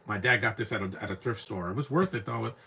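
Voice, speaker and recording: A young man talks through an old film in a loose, rambling way, often stumbling over repeated words as he hunts for a name. His voice is husky with a bright, forward edge and sits fairly low. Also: quick pace. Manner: rambling, repeats words while searching for names. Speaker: movie commentator. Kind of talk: casual live movie commentary.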